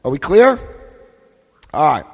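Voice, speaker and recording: A man giving a lively recovery talk to a live convention audience, acting out scenes and voicing quotes. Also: a little high, slow, husky. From United States. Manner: animated, acts out scenes, shifts voice for quotes. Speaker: AA convention speaker. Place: convention hall. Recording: long hall reverb.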